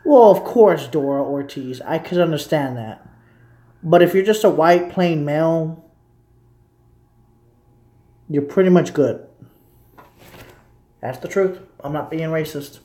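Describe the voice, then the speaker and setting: A man's voice: a little high, takes it slowly, long pauses, warm tone, echoey room. A man from Texas rambling to his viewers in a blunt, opinionated live-stream chat, swearing casually as he goes.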